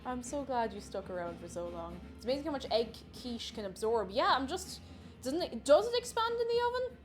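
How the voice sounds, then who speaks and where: A woman's voice: a little high, sing-song, a little fast, music in the background. A woman chatting casually and giggling as she cooks at home and greets her viewers by name. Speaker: cooking livestreamer. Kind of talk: casual cooking livestream chat. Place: home kitchen.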